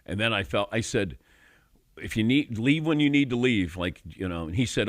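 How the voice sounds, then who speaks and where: Lively low-voiced male radio host. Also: moderate pace, no echo, studio quality. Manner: storytelling, acts out quotes with big pitch jumps. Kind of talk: casual studio chat. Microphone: studio microphone.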